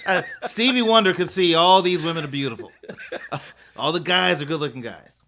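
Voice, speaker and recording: A man's voice: fairly high pitch, moderate pace, pushed and bright. A middle-aged man co-hosting a casual podcast chat, frank with his opinions and laughing often. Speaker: podcast co-host.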